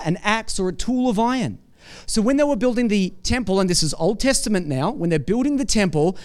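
A man with a fairly high voice delivers a sermon in an easygoing, conversational way. His tone stays smooth and clear as he keeps asking the congregation "right?" and acts out small everyday scenes. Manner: animated storytelling with acted-out asides. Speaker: preacher.

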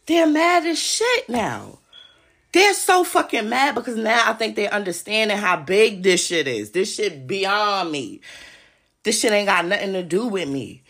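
A woman's voice: medium pitch, expressive, moderate pace, fairly bright tone. A woman hosting a podcast, talking in an agitated, profane monologue straight to her listeners. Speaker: podcast host. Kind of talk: casual monologue.

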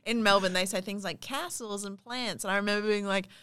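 A woman from South Africa hosting a podcast, chatty and quick to laugh. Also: medium pitch, steady tone, a bit bright, smooth. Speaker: podcast host. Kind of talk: casual interview chat.

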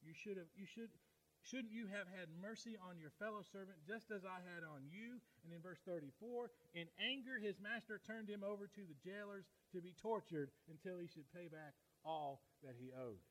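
Bright-voiced man preaching a sermon. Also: high-pitched, moderate pace, rough recording. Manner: conversational preaching, folksy asides to the congregation. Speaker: pastor.

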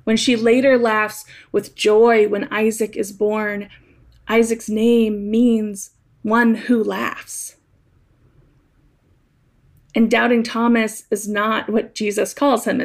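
Slow, gravelly-voiced woman reflecting gently. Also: fairly high pitch, fairly even intonation. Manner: gentle, thoughtful, conversational. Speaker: speaker reflecting on scripture. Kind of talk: reflective spoken essay.

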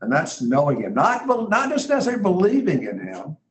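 A man's voice: on the high side, wildly swooping pitch, fairly quick, low-quality recording. A man teaching a Bible class in a conversational way, earnest and emphatic, thinking aloud as he reads scripture.

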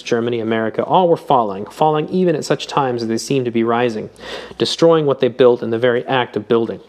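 A male audiobook narrator with a voice of ordinary pitch, reading literary prose at a steady, measured pace. His delivery stays even and composed throughout. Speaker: audiobook reader. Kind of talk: scripted narration.

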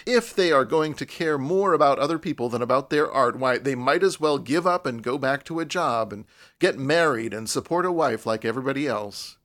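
A man's voice: mid-range voice, expressive, brisk, a bit bright, natural voice. A man reading the lines of a young male artist who talks in a self-important, lecturing way. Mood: rueful. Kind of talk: audiobook character reading.

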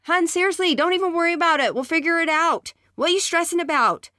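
A woman mimicking a dismissive spouse in an exaggerated, high, chirpy voice. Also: fast talker, pushed and bright, dry recording, clean studio sound. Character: dismissive spouse brushing off worries.

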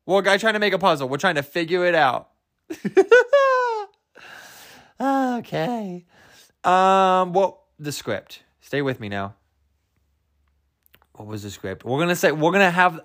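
A man's voice: sits high, animated, fast, few pauses, sharp tone, no echo, clean studio sound. A young man hosting a solo podcast, rambling in a goofy, self-amused way and laughing at his own jokes. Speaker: podcast host.

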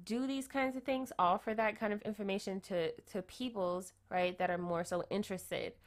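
A woman giving a casual tarot reading, chatty, often tagging her points with quick questions and repeating herself. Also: medium pitch, steady tone. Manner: chatty, keeps adding "right?" tag questions; repeats and restarts phrases. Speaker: tarot reader.

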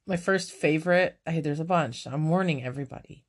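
Profane, animated woman chatting about a movie. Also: low voice, fairly quick. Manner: profane, animated, laughs often. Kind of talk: casual movie review chat.

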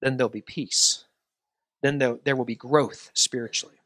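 A man's voice: medium pitch, fairly even intonation, normal speed, sharp tone, no echo. A middle-aged male pastor preaching a sermon, talking conversationally and self-deprecatingly before an earnest prayer.

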